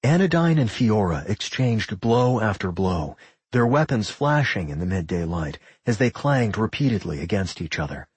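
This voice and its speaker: A man narrating a fantasy audiobook in an expressive storytelling manner. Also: fairly low pitch, normal speed, husky, no echo.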